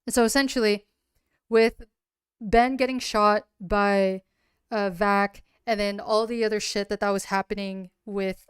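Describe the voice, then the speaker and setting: A woman's voice: medium pitch, smooth, dry recording, clean studio sound. A woman casually recapping her solo tabletop game on a livestream, rambling with lots of "like" fillers and gushing openly. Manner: rambling, heavy use of "like" fillers.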